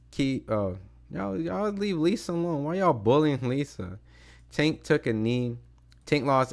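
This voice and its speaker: A man hosting a boxing talk livestream, chatting loosely with many fillers and reading viewer comments aloud. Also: lowish voice. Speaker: boxing show host reading live chat. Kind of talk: casual livestream chat.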